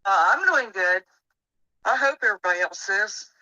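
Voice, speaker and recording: A woman's voice: mid-range voice, animated, moderate pace, bright, forceful tone, no echo, lo-fi sound. A woman with a Southern US accent, a friendly, chatty guest on a casual livestream.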